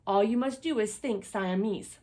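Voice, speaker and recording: A woman voicing a mother cat who scolds her son firmly and slowly. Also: mid-range voice, dark tone, close to an everyday voice. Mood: coaxing. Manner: stern, slow, firm.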